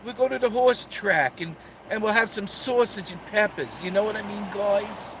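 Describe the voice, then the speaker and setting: A man in his sixties voicing a loud, chummy New York man with a New York accent, pitched well above his own voice. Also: moderate pace, recorded from a distance, slight background noise. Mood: boisterous. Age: 60s. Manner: brash, boisterous, pitched way up.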